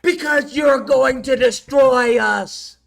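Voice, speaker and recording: A man putting on a loud, ranting villainous genius, shouting his hatred, with faint music behind. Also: very high-pitched, vocal fry, voice pushed up, heavily acted. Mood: angry shouting. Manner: loud, shouting, drawn-out delivery.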